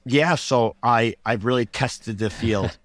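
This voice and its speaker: A man's voice: mid-range voice, takes it slowly, no room sound. A man, a podcast guest, telling his personal story in an earnest, reflective way.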